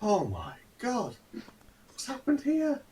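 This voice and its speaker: Man putting on bewildered townsfolk, squeaky high voice, far from the mic. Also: huge pitch swings, slow, crowd noise, full character voice. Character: confused, horrified townsfolk passers-by.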